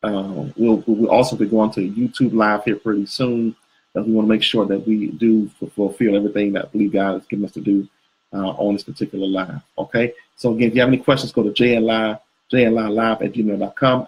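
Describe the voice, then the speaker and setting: A man's voice: lowish voice, level tone, brisk, a little mellow, breathy edge, low-quality recording. A man co-hosting a live couples show, talking casually and rambling with fillers and restarts. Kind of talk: live video chat with viewers.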